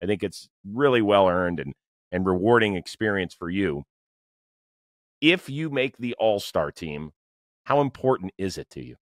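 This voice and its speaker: A man's voice: deep voice, lively intonation, moderate pace, no echo, studio quality. A middle-aged man hosting a podcast, chatting casually and telling stories with animation. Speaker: podcast host. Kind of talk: casual interview chat.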